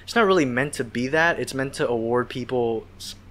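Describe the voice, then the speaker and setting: A man's voice: medium pitch, a little fast, a bit bright, slight background noise. Hedging man, podcast guest. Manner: hedging, says "I feel like" a lot. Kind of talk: casual podcast discussion.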